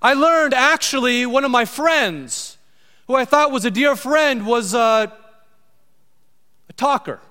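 A man's voice: very high-pitched, sharp tone. A middle-aged man preaching a sermon as pastor, emphatic and repeating key lines for stress. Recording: long hall reverb.

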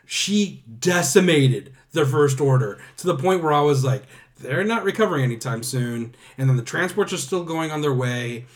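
Man, podcast co-host, fairly high voice, talkative, sarcastic asides. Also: animated, normal speed, few pauses. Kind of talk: casual chat.

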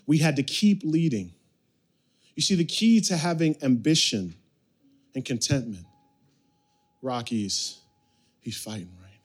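A pastor preaching a sermon, repeating phrases and calling the congregation to respond. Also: male voice, mid-range voice, expressive, unhurried, pauses often. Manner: repetitive, building preaching with call-and-response. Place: church sanctuary.

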